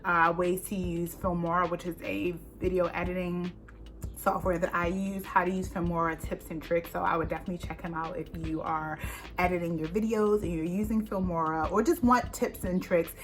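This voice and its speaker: A woman YouTuber answering Q&A questions in a casual, chatty way, full of fillers and quick laughs. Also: lowish voice, flat delivery. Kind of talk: casual Q&A vlog.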